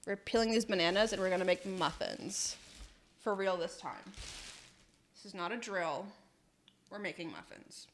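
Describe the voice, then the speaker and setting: A woman's voice: medium pitch, normal speed, pauses often, slight background noise. A young woman in her twenties live-streaming from her kitchen, telling stories with lots of laughter and swearing. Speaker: cooking streamer. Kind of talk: casual live-stream chat. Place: home kitchen.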